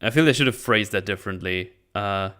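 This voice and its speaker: A man hosting a casual recap show, talking in a fairly low register. His voice is smooth and clear, and he slips into sardonic, exasperated asides with plenty of swearing. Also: brisk, pushed and bright. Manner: ranting, exasperated, swears freely. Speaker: show host recapping a TV episode.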